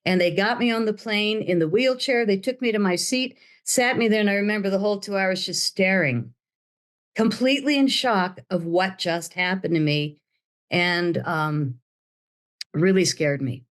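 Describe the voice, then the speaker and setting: A woman's voice: mid-range voice, normal speed. Older lady guest, dramatic storyteller, does the voices of people she quotes. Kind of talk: storytelling in a remote interview.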